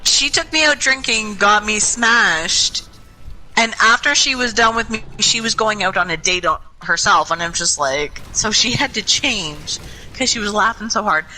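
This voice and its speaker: Young woman, casual voice-chat storyteller, rambling, self-mocking, very bright tone. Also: medium pitch, lively intonation, moderate pace, slight background noise, low-quality recording. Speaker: gaming group member.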